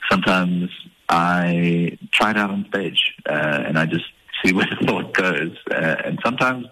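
A man from the Eastern Cape, a stand-up comedian talking in a relaxed, hesitant, self-deprecating way in a radio interview. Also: sits low, measured pace, dry recording, rough recording. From Eastern Cape, South Africa. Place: radio studio.

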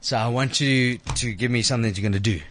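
A man's voice: medium pitch, fast talker, background noise. A man hosting a radio show from the studio, teasing and theatrical in a casual chat. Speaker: radio host.

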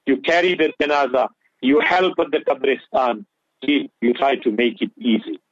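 A man with a mid-range voice, speaking at normal speed, gives impassioned Islamic advice on a radio talk show. He combines English with Urdu and Arabic phrases, heard through dull lo-fi radio audio.

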